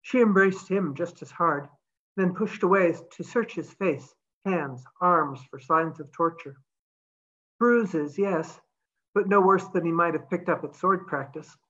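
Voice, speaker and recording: A woman author reading her own novella aloud in a measured storytelling manner. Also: fairly low pitch, fairly bright tone, highs cut off.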